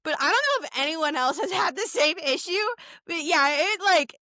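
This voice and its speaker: High, bright young woman telling stories. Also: dry recording. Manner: animated storytelling, quick to laugh. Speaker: podcast co-host. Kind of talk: casual chat.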